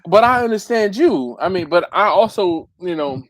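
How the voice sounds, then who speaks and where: A man's voice: sits high, expressive, normal speed, a bit bright, low-quality recording. A man hosting a casual live chat, rambling and stumbling over repeated words, acting out quotes with jumps in his voice. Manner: acts out quotes with big jumps in voice. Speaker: livestream host.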